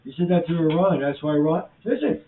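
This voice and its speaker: A man's voice: a little high, expressive, fast talker. A man in his sixties, emphatic and repeating his points in a casual political chat. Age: 60s. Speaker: co-host. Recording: tinny phone-like line.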